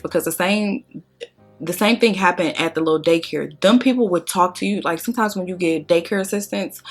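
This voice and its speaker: Blunt, husky-voiced woman vlogger. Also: lowish voice. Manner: blunt, profane, emotional storytelling. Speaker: beauty vlogger. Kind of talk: casual chat while doing makeup.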